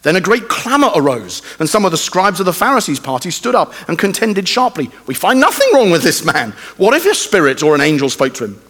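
A man delivering a sermon in an easy, conversational manner, and his voice sits a little higher than most men's. He slips into quoted voices to make his points. His words ring out with a long reverb through a church hall. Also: sing-song, brisk, hardly any pauses, fairly bright tone. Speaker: preacher.

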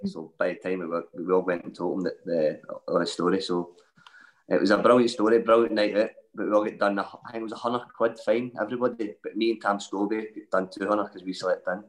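A Scottish man, a former footballer, telling a rambling, lively anecdote full of asides in a casual chat. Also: on the low side, fairly quick, poor audio. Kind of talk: casual storytelling.

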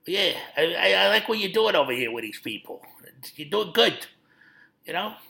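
A man doing a gruff tough-guy mobster voice. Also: sits high, sing-song, normal speed, bright, forceful tone, pitched above the performer's own voice, full character voice. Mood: friendly. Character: impression of a gruff East Coast actor, tough middle-aged man.

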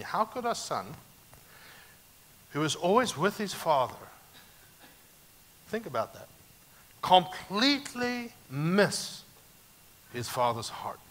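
A man pastor preaching a sermon, emphatic and animated, moving sharply between loud and quiet passages. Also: fairly high pitch, slow, pauses often.

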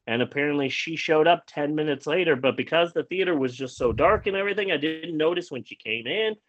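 A man casually telling a personal story, animated, stumbling over and repeating words, and swearing freely. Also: fairly high pitch, a little fast, highs cut off. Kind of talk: casual anecdote.

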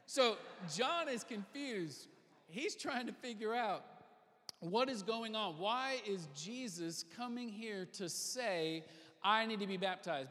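Pastor guy with a high voice preaching, chatty and repeating himself, big echoey hall. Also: a bit bright. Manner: conversational preaching, repeats phrases for emphasis. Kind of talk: sermon. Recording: reverberant hall.

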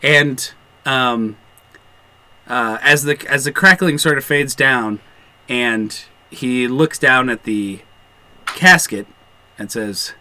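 A man narrating a tabletop game as game master, playful and halting, with many fillers. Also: medium pitch, sharp tone, poor audio.

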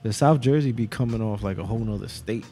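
A man's voice: lowish voice, fast talker, warm tone, soft background music. A young man, co-hosting a podcast, telling rambling profane stories and laughing often. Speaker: podcast co-host. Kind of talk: casual chat.

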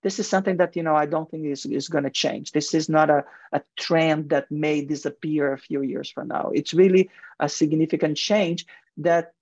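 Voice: medium pitch, fairly even intonation, moderate pace, a little mellow, dry recording. A guest in marketing and advertising speaks earnestly in a radio interview with a heavy accent and frequent restarts. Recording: dull lo-fi radio sound, dry.

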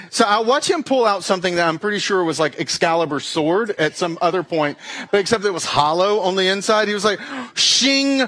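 A man's voice: fairly high pitch, a bit bright. A young man telling a comic personal story in a talk, acting out the dialogue and making sound effects. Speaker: speaker giving a weekly message.

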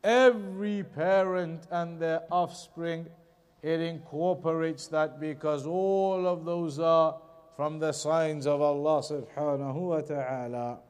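A man teaching a Quran commentary lesson, reading passages quickly in Arabic, then explaining them slowly in English with repetition. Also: a little high, fairly even intonation, a little mellow, clean tone. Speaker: Islamic teacher.

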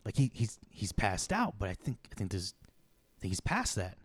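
A man's voice: on the low side, big pitch swings, normal speed, slightly rough, dry recording. A man voicing a distraught young woman in a crime story he retells, who pleads and panics. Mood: anxious.

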